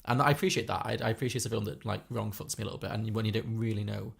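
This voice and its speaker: Fast-talking gravelly British man. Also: lowish voice, steady tone. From Britain. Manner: chatty, opinionated, many restarts. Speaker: podcast co-host. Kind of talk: casual film review chat.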